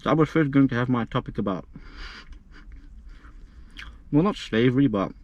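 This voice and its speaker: A man's voice: mid-range voice, lively intonation, normal speed, darkish tone, highs cut off. A young man chatting casually to his camera from inside a car, rambling and swearing freely. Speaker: vlogger. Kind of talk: casual vlog chat. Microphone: GoPro camera.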